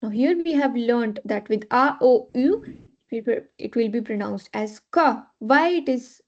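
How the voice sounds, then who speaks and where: A woman's voice: on the high side, animated, unhurried. A woman teaching a French class, patiently repeating rules and checking in with "okay". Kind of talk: live online class teaching. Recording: dull lo-fi class recording.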